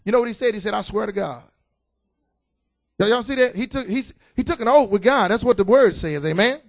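A man's voice: high voice, fairly quick. A man preaching a sermon, stammering restarts and repeated calls of "y'all" and "amen". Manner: stammering restarts, rising to shouts.

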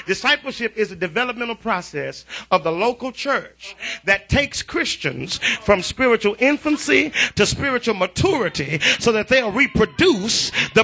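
A man preaching a revival sermon in a church, using call-and-response and breaking into shouts. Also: sits high. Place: church sanctuary.

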